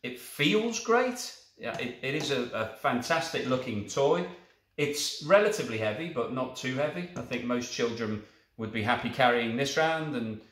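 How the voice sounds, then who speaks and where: A man's voice: mid-range voice, expressive, normal speed, fairly bright tone. A man reviewing a toy, talking it through in a coaxing sing-song and praising it as he shows each feature. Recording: echoey room with clear background noise.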